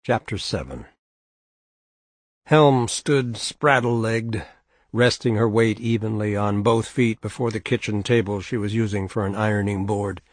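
Husky-voiced man reading a novel aloud. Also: lowish voice, measured pace, dry recording. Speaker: audiobook narrator. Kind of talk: scripted narration.

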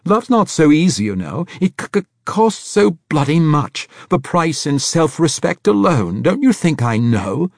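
A man's voice: medium pitch, wildly swooping pitch, unhurried, darkish tone, breathy edge, dry recording, studio quality, voice pushed up, heavily acted. A man reading a novel aloud and voicing a fussy, stammering old bachelor with rattling false teeth, in a fluttery, pleading way.

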